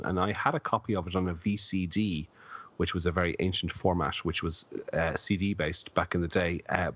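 A man's voice: deep voice, a bit bright, slightly rough. A man on a casual podcast, a little drunk and slurring, rambling through film trivia with many fillers. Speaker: podcast co-host. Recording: dull lo-fi dry sound.

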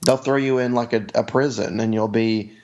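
A man's voice: mid-range voice, steady tone, moderate pace, darkish tone. A man co-hosting a casual podcast chat, playfully mock-indignant. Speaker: podcast co-host. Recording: slightly dull lo-fi mic.

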